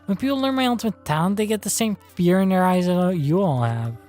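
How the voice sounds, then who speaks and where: A woman's voice: lowish voice, lively intonation, brisk, dark tone, soft background music, close to an everyday voice. A woman reading as a guarded teen assassin girl. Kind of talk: reading game subtitles aloud.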